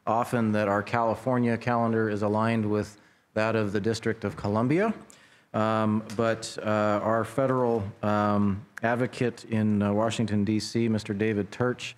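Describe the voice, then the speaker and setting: A man serving as executive director, giving his report to the board haltingly with many fillers. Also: fairly low pitch, little pitch movement. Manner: hesitant, filler-heavy. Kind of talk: meeting report.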